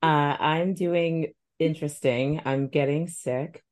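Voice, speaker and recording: Relaxed rambling woman co-host. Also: low-pitched, slow. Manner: relaxed, rambling, trails off softly. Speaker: podcast co-host. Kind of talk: casual chat.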